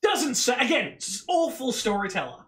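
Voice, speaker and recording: A man co-hosting a casual podcast, talking in a fast, sweary, ranting way. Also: extremely high pitch, sing-song, fairly bright tone. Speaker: podcast co-host. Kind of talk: casual chat. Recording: echoey room.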